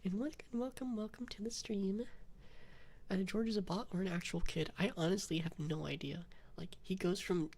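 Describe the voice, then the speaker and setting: A young man chatting on an ASMR livestream as a VTuber, switching between whispers and soft talk, giggling often and swearing casually. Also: high voice, steady tone, moderate pace. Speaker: VTuber streamer.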